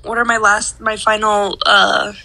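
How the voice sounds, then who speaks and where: A woman's voice: mid-range voice, flat delivery, a little slow, gravelly, noisy background. A woman in her twenties hosting a podcast, chatting casually and cursing, with lots of "like" in her speech. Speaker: podcast host. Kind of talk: casual chat.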